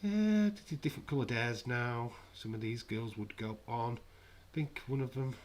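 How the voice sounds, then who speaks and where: A man's voice: medium pitch, steady tone, moderate pace. A man hosting a live wrestling watch-along, chatting casually with sarcastic, rambling asides.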